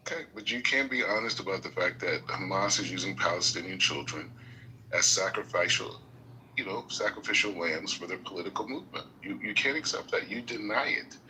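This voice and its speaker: A man's voice: sits low, fairly quick, bright, forceful tone, a little hiss or hum, poor audio. A man who is a rabbi, arguing in a heated live debate on an audio chat app, interrupting and stammering through repeated words. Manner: argumentative, interrupting, stammering repetitions.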